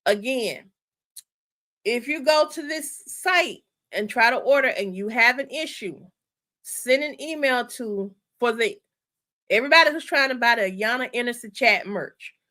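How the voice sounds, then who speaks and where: A woman hosting a casual livestream, walking viewers through her online store in a chatty, excited way and repeating her instructions. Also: a little high, measured pace. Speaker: channel host.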